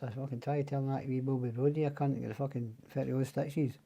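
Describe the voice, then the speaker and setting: An older Scottish man talks in a loose, rambling storytelling way, swearing freely and acting out the voices of the people in his tales. His tone is dark and mellow, with nothing bright or sharp in it. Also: medium pitch, little pitch movement, fast, vocal fry. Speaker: podcast guest. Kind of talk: casual storytelling.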